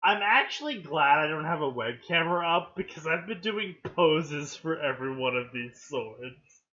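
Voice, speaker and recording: Brief: man co-host proclaiming names with mock grandeur, sweeping pitch, dull lo-fi sound. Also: animated, moderate pace, pushed and bright. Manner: booms out item names dramatically, laughing. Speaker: co-host reading aloud. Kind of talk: casual stream commentary.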